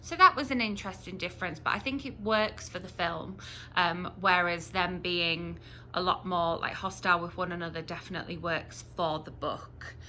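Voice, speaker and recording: A woman's voice: lowish voice, moderate pace, bright, forceful tone, a little hiss or hum. A woman from the UK chatting to camera as a book review vlogger, with frequent ums and restarts.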